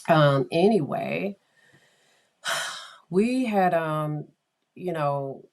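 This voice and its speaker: A woman's voice: low voice, lively intonation, extremely slow. A woman hosting a podcast, casually telling an eerie true story with hesitant restarts and dropping to a whisper at times. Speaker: podcast host.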